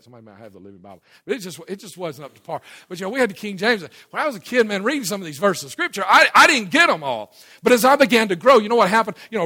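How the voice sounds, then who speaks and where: With a high, bright, forceful voice, this middle-aged man preaches to a church crowd in a homey, conversational style. He poses questions to the audience and frequently starts his sentences over.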